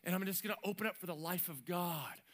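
A man preaching a sermon as pastor, animated and lively, acting out little voices and sound effects. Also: high-pitched, quick pace. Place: church stage.

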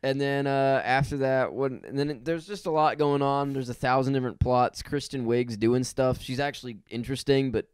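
A man's voice: medium pitch, steady tone, normal speed, hardly any pauses, clear, resonant tone, no echo, studio quality. A young man co-hosting a podcast, telling exasperated stories about a bad movie with plenty of swearing. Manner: exasperated storytelling, heavy swearing. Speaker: podcast co-host. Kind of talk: casual movie review chat.

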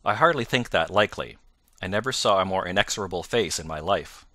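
A man's voice: low-pitched, brisk, no echo, clean studio sound. A man voicing an anxious young engineer. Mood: earnest. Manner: excitable, urgent. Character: anxious young male engineer, injured and agitated.

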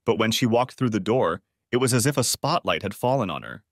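A man's voice: fairly low pitch, expressive, a little fast, dry recording, studio quality. A man narrating a first-person story in an earnest audiobook style.

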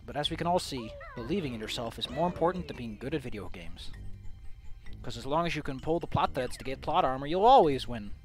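A man's voice: medium pitch, animated, fast, faint music behind. A man giving casual, sarcastic commentary while streaming a video game and joking with his chat.

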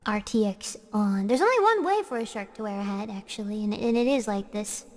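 A woman's voice: mid-range voice, expressive, a little fast, big-room sound. A woman streaming in a playful, hammy way, with squealing outbursts and mock drama. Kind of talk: playful livestream chat.

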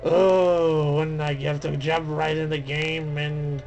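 A young man commenting casually on a game he plays, excitable and dramatic, mocking himself, with game music behind. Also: a little high, slow pace, a little hiss or hum. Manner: excitable, dramatic, self-deprecating. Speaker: let's play gamer. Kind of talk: casual game commentary, reading dialogue aloud. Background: faint game music.

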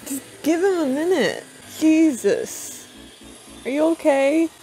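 A woman's voice: high-pitched, lively intonation, slow, dark tone, soft background music. A woman vlogging casually, cooing at and playfully scolding her pet rabbit, laughing often.

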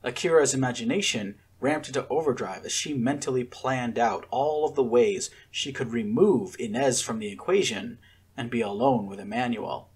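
A man narrating a fiction chapter with expressive storytelling. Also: mid-range voice, normal speed, slightly rough. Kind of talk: audiobook fiction reading.

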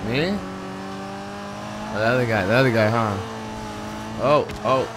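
A man's voice: mid-range voice, measured pace, noisy background. A young man giving casual gameplay commentary, joking around and trash-talking with plenty of swearing. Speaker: gamer.

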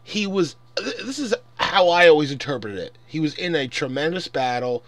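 A man's voice: a little high, lively intonation, normal speed, fairly bright tone, no room sound. A man in his twenties ranting angrily and profanely in a casual commentary. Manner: angry, profane, exasperated. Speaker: vlogger.

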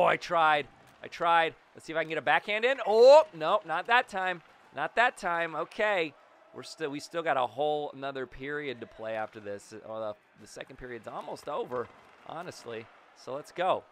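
A man giving excited, playful play-by-play of his own gameplay as host of his gaming channel, with sudden shouts. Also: a little high.

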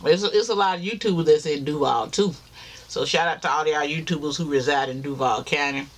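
A man's voice: a little high, fairly quick. Chatty man eating on camera. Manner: chatty, talks straight to viewers as y'all, chewing between lines. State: tired. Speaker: mukbang vlogger. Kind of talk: casual chat while eating on camera.

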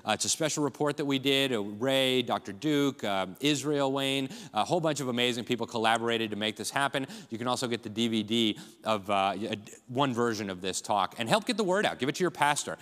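In a large conference hall with long reverb, a man rallies the crowd in an impassioned speech, addressing them as folks. His voice is medium-pitched and fairly bright, and he speaks briskly with hardly any pauses.

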